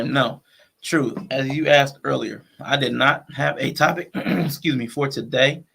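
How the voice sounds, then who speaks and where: Guy hosting a livestream, gravelly voice, thinks out loud, restarts a lot. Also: medium pitch. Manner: conversational, thinking aloud with restarts. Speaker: show host. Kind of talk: casual livestream talk.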